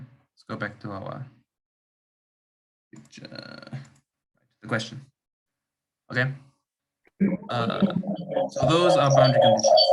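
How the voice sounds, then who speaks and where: A man demonstrating an engineering lab to students over a video call. He explains step by step. He pauses often to ask whether everyone is following. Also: medium pitch, pushed and bright. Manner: checks understanding with frequent "okay" and "right". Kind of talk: online engineering lab class.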